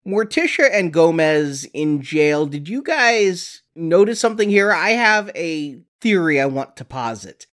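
A co-host on a casual film podcast tosses in quick, joking asides and pet theories. The voice sits at a middling pitch. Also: big pitch swings, fairly bright tone.

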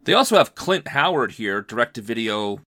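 A man's voice: medium pitch, big pitch swings, normal speed, bright, forceful tone, no echo, clean studio sound. A man co-hosting a casual film podcast, thinking aloud as he recounts scenes. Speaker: podcast co-host.

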